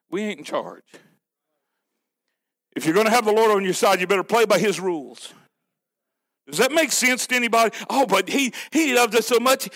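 High, bright-voiced male preacher. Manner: emphatic, with rhetorical questions to the congregation; drops low and quiet to press a point. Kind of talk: sermon.

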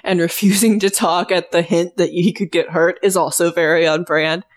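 A woman's voice: lowish voice, fairly even intonation, moderate pace. A young woman in easygoing podcast chat. She talks loosely, packs in fillers, and swears without a second thought. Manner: chatty, swears freely, many "like" fillers. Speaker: podcast co-host. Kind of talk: casual chat.

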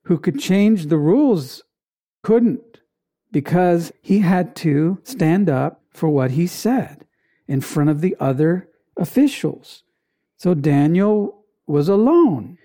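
A preacher delivering a sermon in an emphatic way, with dramatic pauses and repeated phrases. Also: medium pitch, expressive, warm tone.

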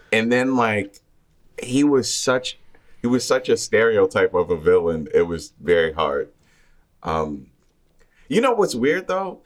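Halting, thoughtful man reviewing films. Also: fairly low pitch, big pitch swings. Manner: halting, restarts often, thoughtful. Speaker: film podcast co-host. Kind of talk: casual film review chat.

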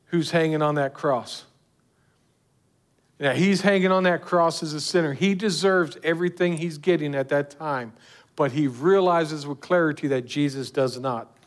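A man preaching a sermon earnestly, putting direct questions to his listeners. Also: a little high. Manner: earnest, rising and falling with emphasis, asking the listeners direct questions.

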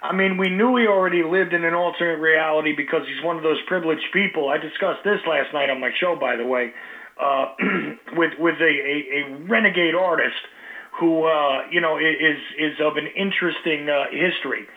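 A man's voice: on the high side, moderate pace. A man hosting a talk show, speaking casually with many fillers and restarts. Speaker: radio talk show host. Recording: tinny phone-line audio.

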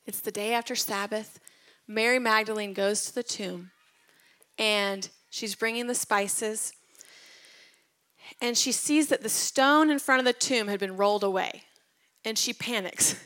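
A woman's voice: medium pitch, measured pace, a bit bright. A woman retelling Bible stories in a casual devotional talk. She tells them with animation and drops to a whisper at tender moments. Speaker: Bible teacher.

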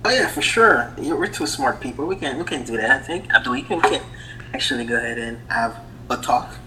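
A man's voice: medium pitch, lively intonation, fairly quick, bright, forceful tone, a little hiss or hum, low-quality recording. A man in his thirties from Haiti, a writer guest on a podcast, speaking hesitantly with many ums and laughing easily. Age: 30s. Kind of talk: casual podcast interview.

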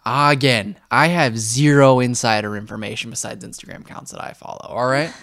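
A young man co-hosting a casual sports podcast, rambling and animated, talking straight at the fighters he discusses. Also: mid-range voice, fairly quick, creaky, hardly any pauses, no room sound, studio quality. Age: young adult. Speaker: podcast co-host.

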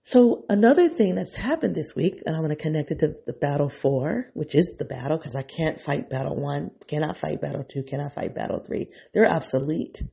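A man hosting a podcast, thinking aloud in an unscripted, reflective monologue that is excitable and keeps circling back on itself. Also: a little high, brisk, gravelly, hardly any pauses, breathy edge. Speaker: podcast host.

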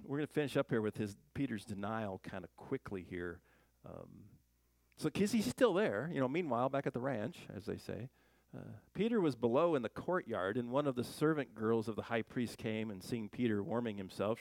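A male Bible teacher with a gravelly, low-textured voice, recorded close and dry. He reads scripture aloud, then comments on it in a loose, conversational way. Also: darkish tone, no room sound. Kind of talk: casual verse-by-verse Bible teaching.

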